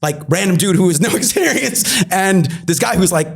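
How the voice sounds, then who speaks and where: A man telling an animated story as a podcast guest, with lots of fillers. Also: high-pitched, normal speed, vocal fry, slightly rough. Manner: animated, many fillers, acts out quoted dialogue. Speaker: podcast guest, marketing entrepreneur. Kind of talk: storytelling anecdote.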